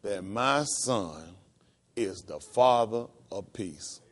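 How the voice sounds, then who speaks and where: A male pastor preaching a sermon. He calls out to the congregation and climbs into high, emphatic, drawn-out lines. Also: lively intonation. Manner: calls to the congregation with "come on" and "y'all".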